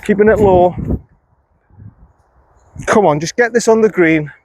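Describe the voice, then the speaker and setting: Man, high-pitched, dry close sound, chatty golf commentary, talks to himself, mild swearing. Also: measured pace, darkish tone, no echo. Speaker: golf vlogger. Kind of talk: casual on-course commentary. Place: outdoors on a golf course. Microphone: phone camera.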